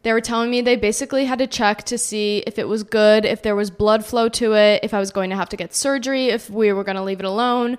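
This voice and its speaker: A woman's voice: mid-range voice, fairly even intonation, fast talker, hardly any pauses, clean tone. A young woman in her twenties, a podcast host telling a personal story in a chatty, casual way and saying "like" a lot. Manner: chatty, heavy use of "like".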